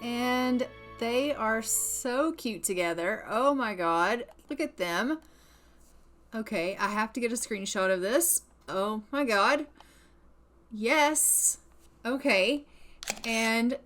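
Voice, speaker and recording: A woman's voice: a little high, slow pace, a bit bright, faint music behind. A woman narrating a life-simulation game playthrough in a casual, chatty way, full of "like" and "oh my God". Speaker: gameplay narrator. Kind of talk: casual let's-play narration.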